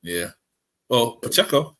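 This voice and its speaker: A man's voice: medium pitch, big pitch swings, a little slow, fairly bright tone. A man co-hosting a podcast, chatting casually and joking around with his best friend. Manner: playful, joking banter. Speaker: podcast co-host. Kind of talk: casual chat. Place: away from usual studio.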